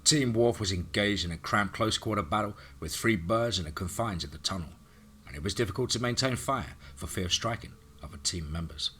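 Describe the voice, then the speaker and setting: A man's voice: on the low side, brisk, sharp tone. A man narrating a scripted action horror story in a dramatic reading.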